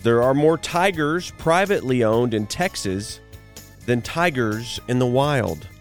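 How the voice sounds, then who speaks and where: A man's voice: medium pitch, expressive, soft background music. A man hosting a morning radio show, reading trivia, ads and headlines with chatty asides. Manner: chatty asides and quick jokes between items.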